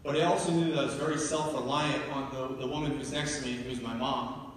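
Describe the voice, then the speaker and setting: A New Jersey man delivers a motivational keynote to a live audience in a large university hall, telling personal stories emphatically and building to urgent peaks. His mid-range voice is fairly even in intonation and a little fast. The audio is echoey and distant, with slight background noise.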